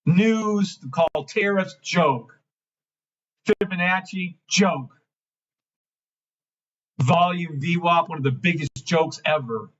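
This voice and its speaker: A man hosting a trading livestream, ranting in a brash, mocking, profane way and swinging between loud outbursts and low mumbling. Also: slow, long pauses, muffled recording. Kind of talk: live-stream rant and chart reading.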